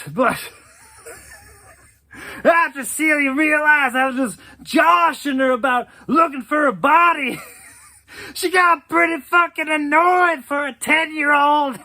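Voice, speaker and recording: Young joker played by a man, high, gravelly voice, slow, laughing, crude storytelling. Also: bright, forceful tone, exaggerated voice. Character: cocky young man, art-scene joker. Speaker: babysitting cousin. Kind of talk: storytelling monologue.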